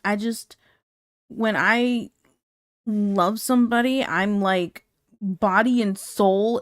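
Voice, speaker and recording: A woman's voice: mid-range voice, fairly bright tone, no echo, clean studio sound. A woman live streamer chatting casually with her viewers, blunt and candid, laughing often. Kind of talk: casual chat reacting to viewer comments.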